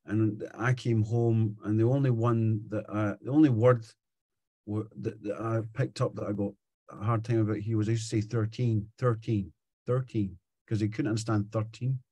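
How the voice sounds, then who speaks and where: A middle-aged man with a Scottish accent tells stories in a relaxed, animated way. His voice sits low and the sound is close and dry, with no room around it. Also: moderate pace, no echo. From Scotland. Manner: chatty, animated storytelling. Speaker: musician guest. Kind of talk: casual interview chat.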